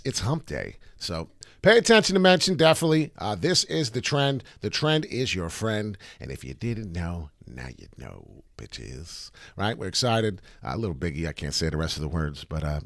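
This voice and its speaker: A man's voice: low-pitched, no echo, clean studio sound. A man hosting a casual crypto trading walkthrough, swearing and throwing out hype catchphrases as he goes over charts. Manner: animated, profane, hype catchphrases. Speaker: crypto trading channel host.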